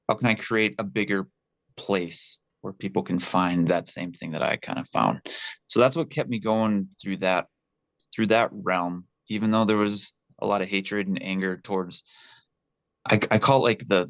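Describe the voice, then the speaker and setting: Candid man with a low voice. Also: no echo. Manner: candid and animated, swears freely, frequent restarts. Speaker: interview guest, former pole vaulter. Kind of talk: casual interview conversation.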